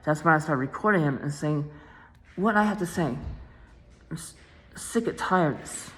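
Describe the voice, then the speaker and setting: A woman's voice: sits low, animated, normal speed, a bit bright, in a large hall, slight background noise, low-quality recording. A woman vlogger talking casually to the camera, repeating herself and restarting phrases, insistent and aggrieved.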